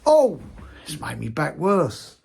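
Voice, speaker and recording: A man's voice: a little high, wildly swooping pitch, slow, creaky, a little mellow. A man in his fifties, a DJ chatting casually to camera on tour, swearing freely and joking with fans. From England. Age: 50s. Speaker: DJ vlogging a tour. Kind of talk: casual vlog chat. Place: nightclub, indoors. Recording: noisy club crowd behind.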